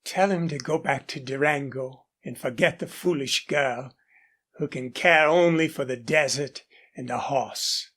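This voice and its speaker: A woman's voice: medium pitch, very animated, slow, a bit bright, pitched above the performer's own voice. A woman doing a playful teenage ranch girl. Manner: playful, coaxing. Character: teasing eighteen-year-old ranch girl, horse-mad. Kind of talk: audiobook character voice.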